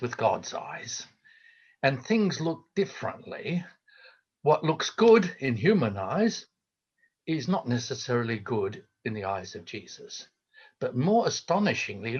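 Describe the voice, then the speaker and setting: An older man with an Australian accent, speaking as a theologian guest over a video call in a measured, reflective way. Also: mid-range voice, husky. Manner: measured, reflective, hesitant with fillers. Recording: dull lo-fi video call audio.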